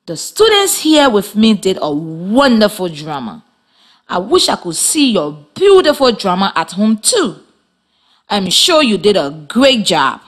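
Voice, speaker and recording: A woman teaching a children's reading lesson on radio in a slow, clear, instructive way. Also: mid-range voice, very animated. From Liberia.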